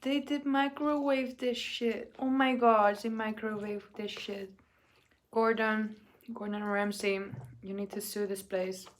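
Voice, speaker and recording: A woman chatting casually in a food vlog, excitable and swearing, often breaking into laughter. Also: medium pitch, a little slow. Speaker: vlogger.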